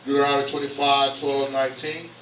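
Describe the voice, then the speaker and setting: A man's voice: medium pitch, little pitch movement, pushed and bright, slight background noise. A man preaching a sermon in a church, talking to the congregation and reading scripture aloud. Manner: conversational preaching with call-outs to the congregation; reads scripture aloud haltingly. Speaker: bishop preaching. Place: church hall. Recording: echoey church hall, mic from far off.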